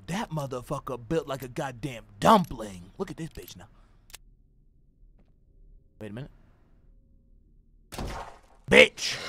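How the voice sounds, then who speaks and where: A young man streaming a horror game, reacting loudly with swearing, sudden shouts and jokes at his chat. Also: a little high, vocal fry. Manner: loud, profane, excitable reactions with sudden shouts; trash-talking, joking with chat. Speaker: gaming streamer. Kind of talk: livestream gameplay commentary.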